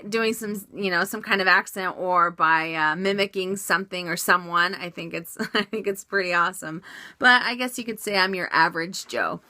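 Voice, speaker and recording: Brief: woman vlogger, bright lowish voice, dry close sound, chatty Q&A. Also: no room sound. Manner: chatty, upbeat, many fillers and restarts. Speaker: vlogger answering viewer questions. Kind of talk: casual Q&A vlog.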